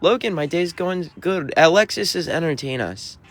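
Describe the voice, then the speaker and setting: A man's voice: fairly high pitch, animated, moderate pace, a bit bright. A man, a touring musician, reading out and answering viewer comments on a livestream in a sassy, teasing, mock-offended way. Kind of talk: livestream reading chat aloud.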